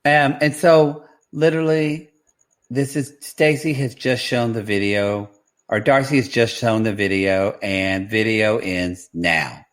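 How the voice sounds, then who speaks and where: A man co-hosting a podcast from home at night, chatty and animated as he retells a reality show. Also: on the low side, measured pace. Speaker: podcast co-host. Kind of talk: casual chat.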